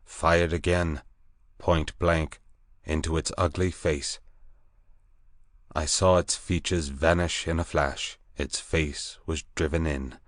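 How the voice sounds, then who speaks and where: Deep voiced guy reading an audiobook, slow and measured, dry close mic. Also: steady tone, no room sound. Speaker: audiobook narrator. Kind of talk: scripted narration.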